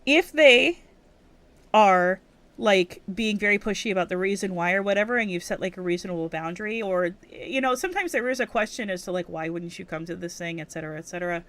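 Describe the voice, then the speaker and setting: A woman's voice: mid-range voice, animated, a little fast, fairly bright tone. Foul-mouthed woman ranting on a game stream. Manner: profane, rants and gets worked up. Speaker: livestreamer. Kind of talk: casual gaming stream chat.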